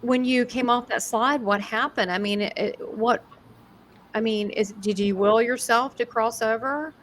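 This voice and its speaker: Slow-spoken woman host. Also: a little high, steady tone, slight background noise. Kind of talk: interview.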